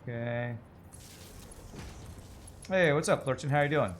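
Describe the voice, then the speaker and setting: A man's voice: mid-range voice, a little slow, a little hiss or hum. Man thinking aloud while streaming a game. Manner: thinks aloud, mutters sums, chats with viewers. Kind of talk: casual livestream gameplay commentary.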